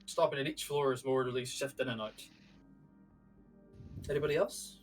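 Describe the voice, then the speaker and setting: A man narrating a tabletop game as game master, describing scenes in a steady way. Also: medium pitch, normal speed, far from the mic, over music.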